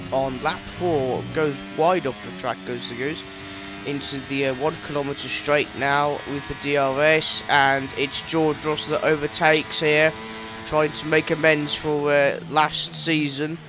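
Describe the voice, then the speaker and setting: A man's voice: on the high side, unhurried, sharp tone, faint music behind. A man casually commentating over his own racing game playthrough, rambling, correcting himself often and cracking jokes. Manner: rambling, self-correcting, jokey. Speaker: gaming video creator.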